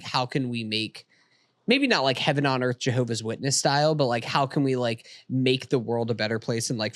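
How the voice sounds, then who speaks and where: A man's voice: medium pitch, no room sound. A man hosting a casual film podcast, talking earnestly and circling back on his thoughts. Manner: earnest, rambling, restarts a lot. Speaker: podcast host.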